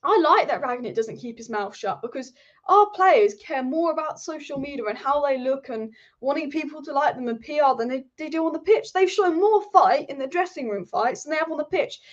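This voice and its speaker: A young woman hosting a football fan channel, ranting passionately and swearing freely about her team. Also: high voice. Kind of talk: ranting fan commentary vlog. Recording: slightly dull lo-fi audio.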